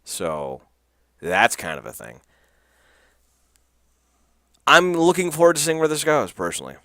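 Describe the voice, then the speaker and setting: A man's voice: a little high, wildly swooping pitch, a little slow, gravelly, pushed and bright, no echo, clean studio sound. A man hosting a podcast, recapping wrestling in a loose, profane way with lots of fillers and laughs. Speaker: podcast host.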